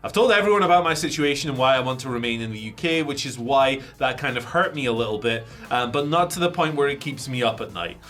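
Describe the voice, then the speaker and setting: Bright-voiced chatty man. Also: medium pitch, expressive, quick pace, hardly any pauses. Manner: chatty, rambling, jokey. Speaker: wrestling news co-host. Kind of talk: casual news chat.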